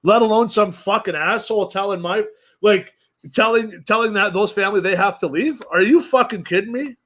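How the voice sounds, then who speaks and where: A man's voice: high-pitched, fairly quick, fairly bright tone. A man hosting a casual podcast, ranting angrily and swearing heavily. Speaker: podcast host.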